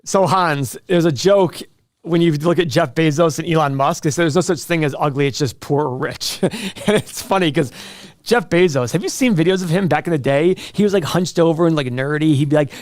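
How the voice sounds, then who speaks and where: A man's voice: a little high, fairly quick, no echo, clean studio sound. A middle-aged man hosting a casual livestream, answering viewer questions with jokes and self-deprecating asides.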